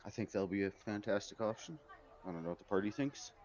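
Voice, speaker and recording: A man playing a tabletop game, talking in a quick, offhand way. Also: fairly low pitch, expressive, a little mellow. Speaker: player. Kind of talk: casual play at the table. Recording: dull lo-fi mic.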